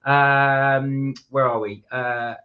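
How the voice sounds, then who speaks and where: A man's voice: mid-range voice, flat delivery, extremely slow. A man co-hosting a casual live chat from home, rambling as he greets viewers by name and reads out their comments. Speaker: co-host of a live chat stream. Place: at home indoors. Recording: slightly dull lo-fi stream audio.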